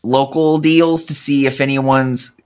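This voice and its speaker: A man co-hosting a podcast in casual, unscripted chat. He is blunt and swears freely, jumping in with quick reactions and telling his own stories. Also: medium pitch, fairly even intonation, clean tone. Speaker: podcast co-host.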